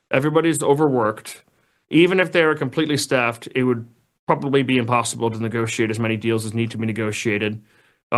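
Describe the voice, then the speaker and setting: A man's voice: medium pitch, fairly bright tone. A man speaking as a guest commentator, giving opinionated political analysis in a conversational way with frequent restarts. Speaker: news editor guest.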